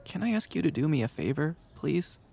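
A woman's voice: low-pitched, very animated, brisk, vocal fry, dark tone, breathy edge, full character voice. A woman voicing a young male college student who asks hesitant, probing questions.

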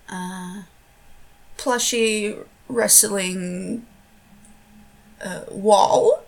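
A woman's voice: mid-range voice, vocal fry. A young American woman doing a casual accent-tag video, giggling often between her answers. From United States. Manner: giggly, laughs between words. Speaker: vlogger.

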